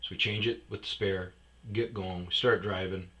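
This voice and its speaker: A man telling a story casually, animated and swearing freely. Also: low voice, moderate pace, slight background noise.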